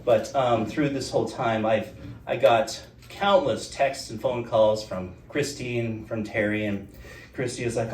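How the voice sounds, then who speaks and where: A man's voice: mid-range voice, unhurried, a little hiss or hum. A man giving an unprepared speech at a friend's wedding, hesitant and full of fillers, with wry humor. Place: wedding ceremony. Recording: roomy, distant, clear background ambience.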